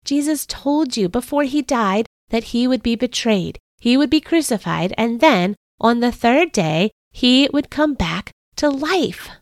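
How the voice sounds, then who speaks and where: A woman voicing a radiant, joyful male angel, speaking gently and slowly in a lifted voice. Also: fairly high pitch, expressive, no room sound, clean studio sound, voice pushed up. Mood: urging.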